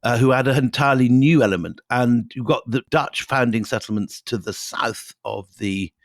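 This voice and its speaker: A man co-hosting a history podcast, explaining events in a measured way with wry jokes. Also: medium pitch, dry recording, studio quality. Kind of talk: casual history chat.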